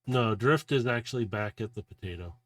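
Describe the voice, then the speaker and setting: A man's voice: lowish voice, a little fast. A man narrating a tabletop role-playing game as game master, in a loose, casual way full of filler words.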